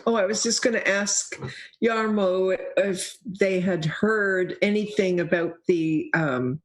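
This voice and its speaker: A man's voice: high-pitched, slow pace. A man from Canada asking hesitant questions in a casual discussion.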